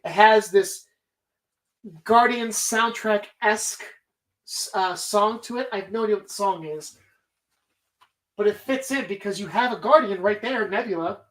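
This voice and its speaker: A woman's voice: medium pitch, unhurried, pauses often, rough recording. A woman hosting a casual movie bracket show, talking animatedly and rambling, swearing freely as she argues her picks. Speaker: podcast host.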